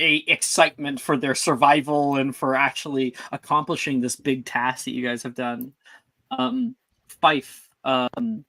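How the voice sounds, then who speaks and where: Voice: mid-range voice, gravelly, fairly bright tone, no echo. A game master narrating a tabletop role-playing scene with lots of fillers. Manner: rambling, many fillers.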